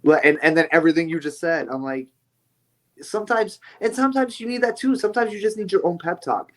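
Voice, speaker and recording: A man who wrestles, chatting as a podcast guest and telling stories in an animated, casual way. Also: sits high, fast talker. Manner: animated storyteller, swears lightly. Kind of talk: casual chat.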